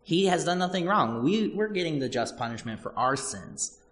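A man's voice: on the high side, very animated, moderate pace, a bit bright, voice pushed up. A man voicing a repentant male thief, humble and pleading, within a sermon. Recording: long church-hall reverb.

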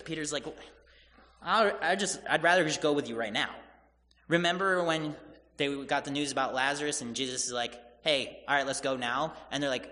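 A man's voice: medium pitch, bright, forceful tone, in a large hall. A man preaching a sermon, retelling scripture in casual everyday paraphrase and acting out the people in the story.

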